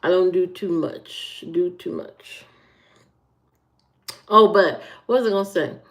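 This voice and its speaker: This woman from the American Midwest runs a livestream, talking casually and unhurriedly in a lowish voice. She chats with viewers, repeats herself, and answers comments while naming people in the chat.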